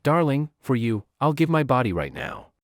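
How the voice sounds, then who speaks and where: A man's voice: medium pitch, big pitch swings, moderate pace, dry recording, clean studio sound, natural voice. A man voicing an obsessive young female vampire, clingy one moment and icy the next, in a recap storybook narration. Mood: pleading. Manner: intense, possessive declarations.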